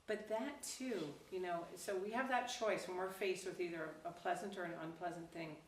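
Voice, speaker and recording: A woman's voice: fairly low pitch, moderate pace. Woman telling a dharma story in a roomy hall. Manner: casual, animated storytelling with acted quotes. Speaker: Zen teacher. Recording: roomy, distant, faint background noise.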